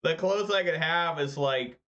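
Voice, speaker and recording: Commentating his own card game matches, a man mutters through the quiet turns and gets loud and excited when big plays land. His pitch is fairly high and his pace moderate. The recording sounds muffled.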